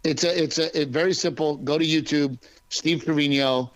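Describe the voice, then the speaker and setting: A male stand-up comedian from Texas, chatting casually and joking in an interview, with quick restarts. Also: a little high, fairly even intonation, dry recording.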